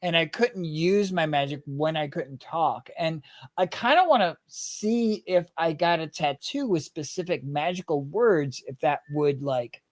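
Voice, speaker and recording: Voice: mid-range voice, measured pace, no room sound. A player speaking in character and out of it during a tabletop game, casual and rambling.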